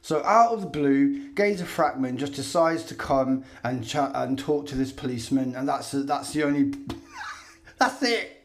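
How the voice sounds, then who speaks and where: A man's voice: mid-range voice, lively intonation, unhurried, soft background music. Sarcastic man commenting on footage. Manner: sarcastic, mocking. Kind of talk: commentary over protest footage.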